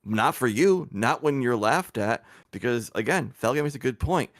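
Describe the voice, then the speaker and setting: Gravelly man scolding on a stream. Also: mid-range voice, expressive, normal speed, no room sound, clean studio sound. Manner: scolding, rhetorical questions. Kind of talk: livestream commentary.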